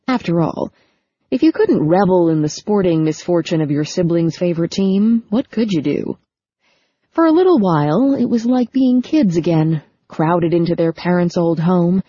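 A woman narrates a novel in a steady, measured way. Her voice is lowish, mellow and husky. The recording is dry and a little dull. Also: no room sound. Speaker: audiobook narrator. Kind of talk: scripted narration.

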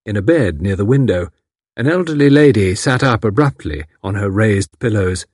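Male audiobook narrator; lively pitch, husky tone. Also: normal speed, dry recording, clean studio sound. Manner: lively, expressive reading.

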